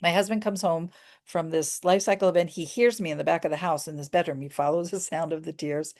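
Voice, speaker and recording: A woman's voice: sits low, steady tone, brisk, a little mellow. A middle-aged woman from the United States telling a personal story in an earnest, emotional way. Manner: earnest and emotional, many restarts.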